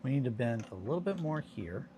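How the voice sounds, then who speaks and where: A man's voice: medium pitch, big pitch swings, a little fast, noisy background. A man chatting casually on a hobby live stream, rambling and joking while he mutters to himself over his work.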